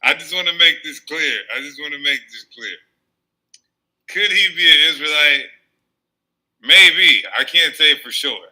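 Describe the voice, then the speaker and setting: Very bright-voiced man, loose commentary. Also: fairly high pitch, measured pace, pauses often, poor audio. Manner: laughing, stumbling, loose and animated. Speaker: commentator in a played video. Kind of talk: casual commentary.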